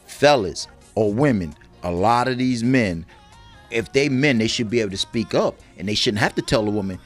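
A man's voice: on the low side, moderate pace, soft background music. A man co-hosting a casual relationship talk podcast, bragging playfully and acting out little quotes. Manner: animated, bragging, acts out quotes. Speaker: podcast co-host.

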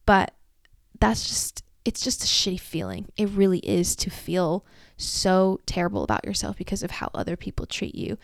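A woman's voice: mid-range voice, sing-song, moderate pace, vocal fry, dry recording, studio quality. A young woman in her twenties hosting a solo podcast, talking candidly and emotionally about a breakup and swearing freely. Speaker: podcast host.

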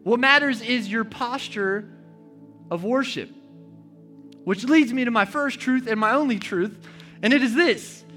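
A young man delivers a sermon as relaxed, joking storytelling, full of slang and asides. His voice sits very high for a man and sounds bright and forceful. Soft music plays faintly underneath. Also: measured pace, pauses often. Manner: chatty, joking, slangy retelling. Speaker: preacher.

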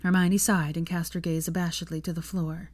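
Soft-spoken woman reading a story. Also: lowish voice, little pitch movement, fairly quick. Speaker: fan fiction reader. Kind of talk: audiobook narration.

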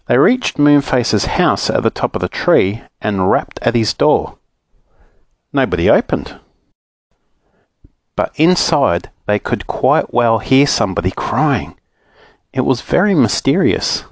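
An Australian man, a storytelling dad, reading a children's book aloud in an expressive narrating voice. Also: mid-range voice, takes it slowly, long pauses, no room sound.

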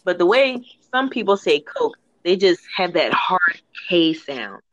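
A woman hosting a podcast, telling rant stories in a lively, slangy, laughing way. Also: on the low side, measured pace, a little hiss or hum. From northern United States. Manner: animated, slangy, laughing storyteller. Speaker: podcast host. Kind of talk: casual storytelling rant. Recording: dull lo-fi recording.

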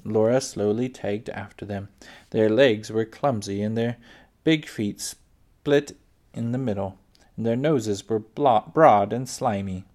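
A man reading a children's book aloud, unhurried, with small slips and restarts. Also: on the low side, a little mellow. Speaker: reader.

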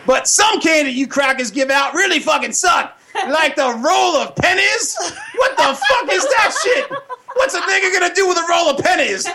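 A man voicing a crude, loud old puppet man who shouts vulgar insult jokes and cackles. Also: very high-pitched, noisy background, voice pushed up. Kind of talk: insult comedy bit on a radio podcast.

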